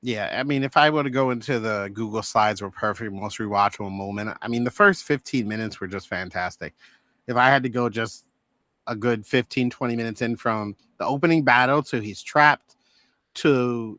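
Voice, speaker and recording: Middle-aged man, co-host, bright forceful voice, enthusiastic, acts out lines. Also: medium pitch, normal speed, no echo, clean studio sound. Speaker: podcast co-host. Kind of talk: casual movie review chat.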